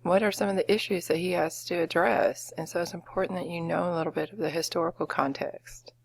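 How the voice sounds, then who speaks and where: A woman's voice: lowish voice, fairly even intonation, fairly quick, creaky, a little hiss or hum. A woman teacher walking students through an essay-writing lesson, explaining step by step with frequent fillers and okays. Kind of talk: classroom lesson walkthrough.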